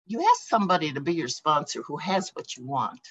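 An older American woman sharing her personal recovery story at a meeting, emotional and halting, with laughs and sighs between thoughts. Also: low-pitched, big pitch swings, fairly bright tone, husky, highs cut off. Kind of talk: personal testimony.

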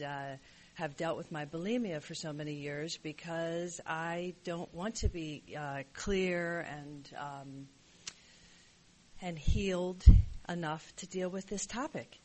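Nervous woman rambling through a share. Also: on the low side. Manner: rambling, candid and self-questioning. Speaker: member sharing at a recovery meeting. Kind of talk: personal share at a support meeting.

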